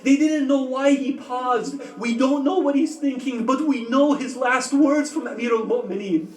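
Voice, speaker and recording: High-voiced male preacher, echoey and distant. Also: moderate pace. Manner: emotive storytelling with rhetorical questions. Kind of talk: sermon narration. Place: community religious center hall. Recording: roomy, distant mic in a hall.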